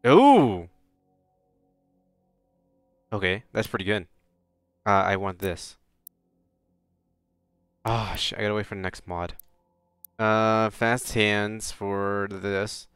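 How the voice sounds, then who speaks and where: A man casually commenting on a game he plays, rambling, swearing and bursting out loud. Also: lowish voice, level tone, slow pace, pauses often, clear, resonant tone, no room sound, clean studio sound, soft background music. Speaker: let's play host.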